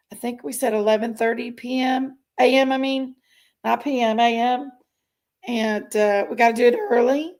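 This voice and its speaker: A woman's voice: on the high side, a little mellow. A woman hosting a casual livestream, chatting and greeting viewers by name as she reads their comments. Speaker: livestream host reading chat.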